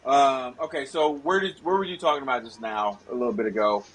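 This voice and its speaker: A man's voice: medium pitch, fairly quick, a bit bright, husky, poor audio. A man hosting a casual podcast over a phone, talking in a rambling, apologetic way and repeating himself. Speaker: podcast host.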